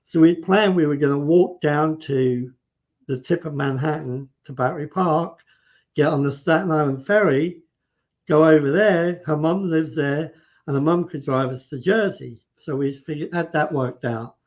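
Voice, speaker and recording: A man's voice: a little high, normal speed. A man, a guest on a live stream, vividly retelling events in casual storytelling, acting out what people said and restarting his sentences.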